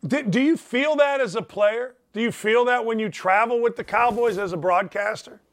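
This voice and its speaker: A man hosting a show, interviewing a guest in a relaxed, blunt way and laughing along. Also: extremely high pitch, moderate pace. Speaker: radio show host. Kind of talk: casual interview.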